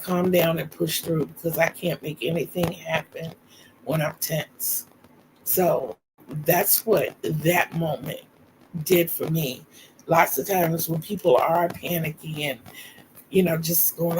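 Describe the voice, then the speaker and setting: A woman's voice: deep voice, fairly even intonation, slow pace, noisy background. A middle-aged woman, hosting a livestream and telling personal stories in a casual, chatty way to viewers she calls y'all. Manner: warm storyteller, laughs often, talks to viewers as y'all. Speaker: livestream host. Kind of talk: casual storytelling chat.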